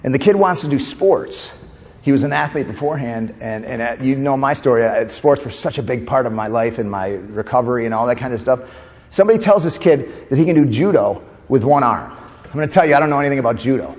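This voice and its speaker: A man's voice: medium pitch, expressive, quick pace, a little mellow. A man from New York giving a humorous motivational keynote, talking conversationally and quizzing the audience with "right?". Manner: conversational, asks the audience questions, tag "right?". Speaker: motivational speaker. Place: large conference hall. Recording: long reverb of a conference hall.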